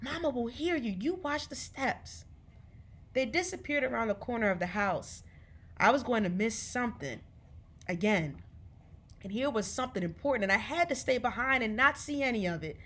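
A woman reading a novel aloud in a measured, expressive storytelling voice. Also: fairly high pitch. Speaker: reader. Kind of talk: audiobook read-along of a novel.

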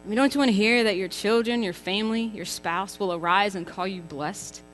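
Female preacher, 30s, bright tone, chatty and emphatic, long hall reverb. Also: mid-range voice, brisk, slight background noise. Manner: chatty and emphatic, with rhetorical questions to the congregation. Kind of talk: contemporary church sermon. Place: church sanctuary. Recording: reverberant church hall with faint music.

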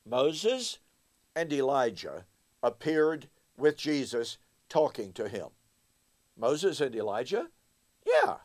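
A man's voice: medium pitch, big pitch swings, slow, long pauses. A man giving a recorded Bible teaching, emphatic and fond of rhetorical questions aimed at his listeners.

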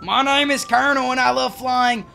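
A man's voice: very high-pitched, steady tone, moderate pace, creaky, bright, forceful tone, soft background music, full character voice. A man voicing a brash male air force colonel pilot who talks in a commanding, boastful way.

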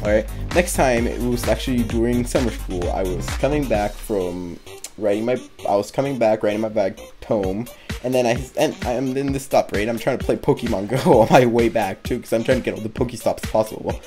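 A teenage boy at a middle pitch tells a casual story to his viewers. He rambles and keeps correcting himself, and faint music plays underneath. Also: fairly quick. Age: teens. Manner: rambling, self-correcting, laughs while telling. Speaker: YouTuber.

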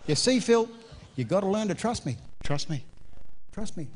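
At a corporate event, an Australian comedy magician jokes and teases with the crowd, cracking himself up along the way. He talks at normal speed in a high-sitting, sing-song voice over a noisy live backdrop of loud laughter and chatter.

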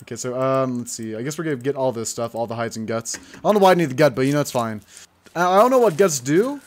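A young man hosting a let's play, rambling and self-mocking as he talks over his game, jumpy and easily excited. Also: mid-range voice, fast talker. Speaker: gaming channel host.

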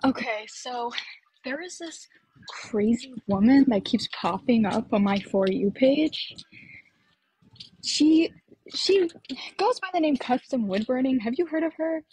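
A woman's voice: high voice, expressive, unhurried, a little mellow, slightly rough, no echo, full character voice, rough recording. A woman voicing a chatty young woman customer who has come for advice and gossips about someone online. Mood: gossipy. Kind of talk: live-stream role-play.

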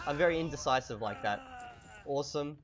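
A man's voice: a little high, background noise. Chatty man teaching while gaming. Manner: relaxed, chatty, repeats words slowly for emphasis. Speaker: language teacher. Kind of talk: casual lesson while playing a video game.

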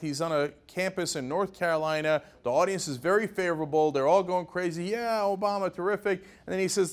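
A man in his forties giving an emphatic, sarcastic talk about his media career, mimicking others in quick asides. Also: high-pitched. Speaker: show founder and host giving a talk. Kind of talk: animated storytelling talk.

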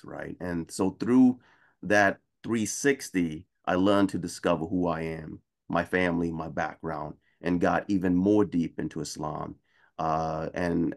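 A man on a video call panel telling a personal story in a conversational way, often checking in with "right?" and getting animated when he quotes other people. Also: deep voice, vocal fry. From United States.

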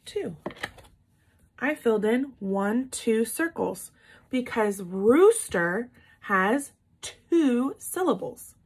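A woman teacher speaking slowly and patiently to young children, drawing out each word as she counts its parts. Her fairly high voice has a gravelly, slightly husky edge. She keeps praising and coaxing her listeners along. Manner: slow, patient, encouraging, claps out words syllable by syllable. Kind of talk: classroom lesson for young children.

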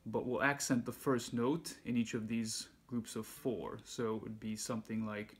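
A man giving a casual music lesson, counting beats aloud in a relaxed way as he demonstrates. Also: mid-range voice, moderate pace. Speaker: music teacher. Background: handpan playing.

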